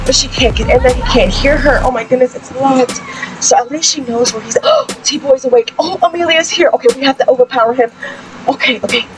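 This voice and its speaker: Young woman host, chatty and excitable game narration, higher voice, music bed under her. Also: fairly quick, low-quality recording. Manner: excitable, chatty, exclaims often. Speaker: gaming channel host. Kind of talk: casual let's-play commentary.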